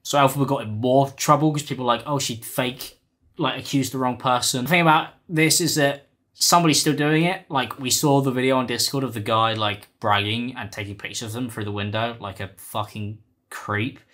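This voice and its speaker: A man's voice: medium pitch, fairly even intonation, fairly quick, a bit bright. A man giving blunt, exasperated commentary and swearing casually. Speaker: commentary YouTuber.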